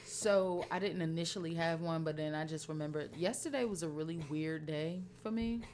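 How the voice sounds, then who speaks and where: Low-voiced, profane woman telling a story. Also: normal speed, darkish tone, a little hiss or hum. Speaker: podcast co-host. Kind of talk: casual chat.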